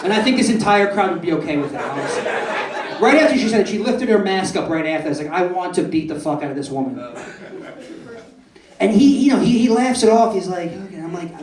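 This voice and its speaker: A man's voice: sits high, animated, fast, recorded from a distance. A young man doing a stand-up comedy set in a club, brash and profane, often asking the crowd "right?". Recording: roomy club echo, voice off-mic.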